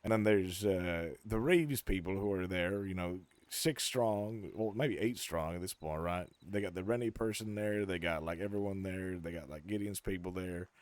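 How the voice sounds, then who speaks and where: A man's voice: sits low, normal speed, few pauses, no room sound. A man casually telling a long story to friends on a call, swearing freely and acting out what people said. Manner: animated, profane, acts out quotes mid-story. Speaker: streamer.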